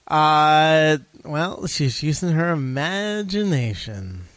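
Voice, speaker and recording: A young man with a somewhat high voice co-hosts a casual chat podcast. He thinks aloud with stumbles, restarts and fillers. The sound is dry and close, with no room around it. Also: animated, slow, a bit bright, no room sound. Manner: hesitant, restarts and fillers while reasoning aloud. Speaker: podcast co-host.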